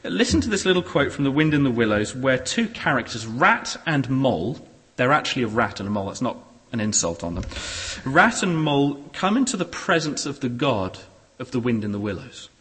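A man preaching a sermon in a church hall, expressive, with shifting pace and loudness. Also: medium pitch, a little fast, few pauses. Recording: echoey hall.

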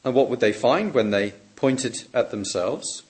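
A man preaching a sermon, measured and emphatic, lifting his voice on questions and dropping softly on key words. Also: mid-range voice, expressive.

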